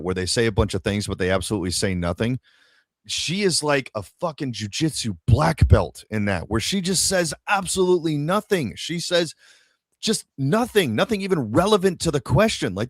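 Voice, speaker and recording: A man's voice: mid-range voice, very animated, normal speed, no echo. A man ranting on a podcast, swearing freely and sounding fed up. His voice sits in the middle range, recorded dry with no room around it. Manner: profane, exasperated ranting. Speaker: podcast host. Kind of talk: casual podcast chat.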